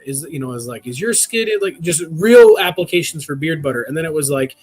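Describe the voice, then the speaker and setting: A man's voice: on the high side, expressive, fairly quick, few pauses, slightly rough. A man co-hosting a casual livestream, joking and playful as he explains things. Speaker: livestream co-host.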